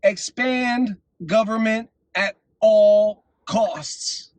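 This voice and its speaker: A man hosting his own vlog, delivering an impassioned political monologue and telling stories, his voice swinging up to shouts at the climaxes. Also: sits high, drawn-out words, no room sound. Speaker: vlog host.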